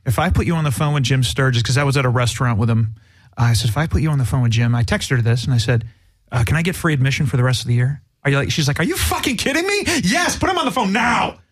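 A man's voice: mid-range voice, rapid-fire, no echo. A man on a podcast telling rambling, joking anecdotes with little put-on voices. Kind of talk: casual chat, storytelling.

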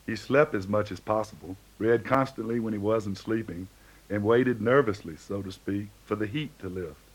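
A man's voice: fairly low pitch, moderate pace, breathy edge, rough recording. A man reading a novel aloud as narrator, shading the dialogue lightly for each character. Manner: reads dialogue with small shifts for each character. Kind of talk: audiobook narration.

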